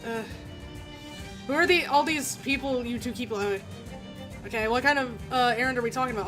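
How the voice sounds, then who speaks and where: A woman streamer playing a game, reading its text aloud in a chatty, giggly, halting way. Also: a little high, music in the background.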